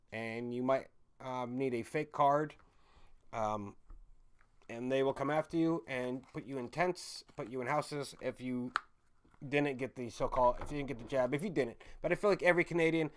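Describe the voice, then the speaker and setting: A man with a mid-range voice and a clean tone hosts a casual livestream at a normal pace. He rambles to his chat viewers, swearing freely and often correcting himself mid-sentence.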